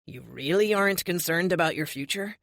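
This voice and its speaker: A woman's voice: on the low side, expressive, a little fast, creaky, fairly bright tone, dry recording, clean studio sound. A woman voicing a protective, earnest male friend who talks in a worried tone. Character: big loyal protective male best friend.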